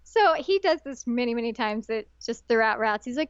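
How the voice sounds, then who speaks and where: A woman co-hosting a casual podcast, telling a story in an animated way and often quoting characters. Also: on the high side, normal speed, no echo, lo-fi sound. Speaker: podcast co-host.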